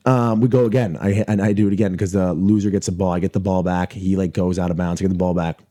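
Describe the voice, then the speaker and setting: Young man, podcast guest, mellow tone, rambling, excitable storytelling. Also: low voice, fast talker. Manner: excitable, profane, rambling with many restarts. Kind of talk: casual storytelling.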